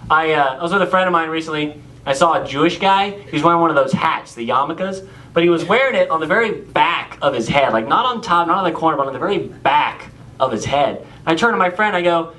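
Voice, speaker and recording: A man's voice: fairly high pitch, lively intonation, brisk, pushed and bright, rough recording. A young man from Tennessee doing a laid-back, sarcastic stand-up set on a club stage. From Tennessee, USA. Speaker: stand-up comedian.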